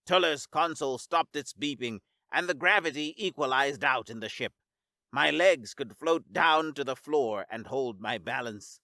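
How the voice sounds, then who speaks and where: Man, story narrator, steady read, bright voice, dry close mic. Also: mid-range voice, measured pace, no room sound.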